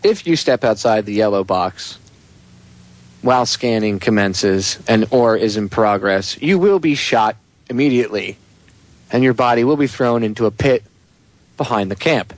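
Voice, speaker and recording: A man voicing a cold, official male announcer at a detention camp, speaking with flat bureaucratic politeness and a lowered pitch. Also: moderate pace, no room sound, natural voice. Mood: coldly official.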